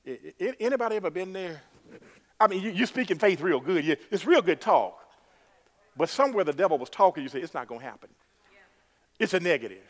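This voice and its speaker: A man's voice: high-pitched, expressive, brisk, big-room sound. A man preaching a sermon, repeating words for emphasis and calling the congregation "y'all".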